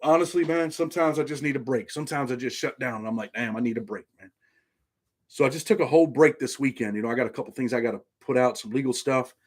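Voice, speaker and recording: Man, middle-aged, livestream host, casual loose talk, reads chat comments, medium pitch. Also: quick pace, few pauses.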